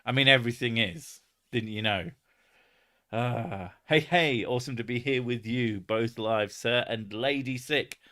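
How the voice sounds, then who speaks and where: A man's voice: medium pitch, measured pace, bright, forceful tone. An English man chatting casually on a live stream, swearing often and laughing as he rambles. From England.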